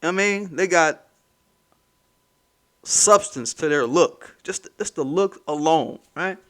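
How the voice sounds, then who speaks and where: A man's voice: on the high side, slow, fairly bright tone. Heated, profane man ranting. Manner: profane, heated, mocking, repeats himself for emphasis. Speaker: commentary channel host. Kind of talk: ranting commentary vlog.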